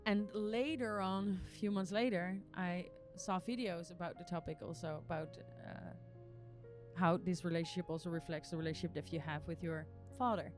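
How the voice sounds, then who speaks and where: A woman's voice: on the low side, steady tone, moderate pace, soft background music. A woman who is not a native English speaker, hosting a podcast and talking in an earnest, emotional spiritual monologue with repeated phrases. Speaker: podcast host.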